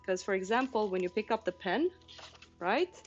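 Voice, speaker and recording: A woman's voice: mid-range voice, lively intonation, normal speed. Give me a woman in her thirties casually teaching drawing to stream viewers, slightly dull sound with faint background music. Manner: chatty, explanatory, talks to viewers in chat. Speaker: art teacher streaming a painting session.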